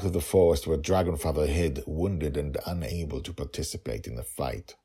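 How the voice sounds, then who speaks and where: A man's voice: very deep voice, normal speed, dark tone, slightly rough. A man narrating a story and reflecting on it in an emotional, thoughtful way.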